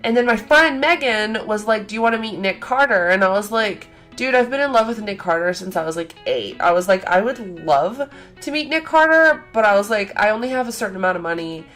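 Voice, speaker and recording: Young woman vlogger, middle pitch, chatty and gushing, faint music behind. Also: quick pace, few pauses. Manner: chatty and excitable, many fillers and acted-out quotes. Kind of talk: casual storytelling vlog.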